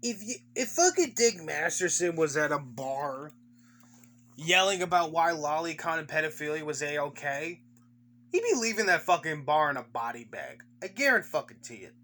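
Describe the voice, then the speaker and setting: A man's voice: a little high, lively intonation, moderate pace, pushed and bright. A man giving profane, mocking commentary, swearing constantly and repeating taunting questions. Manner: heavy swearing, taunting repetition.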